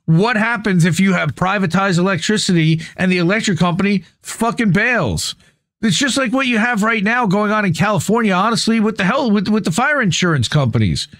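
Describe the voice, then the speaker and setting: A male podcast host with a high, expressive voice speaks briskly in a fairly bright tone with no echo. He reads an article aloud, stopping to comment bluntly and opinionatedly, swearing casually along the way.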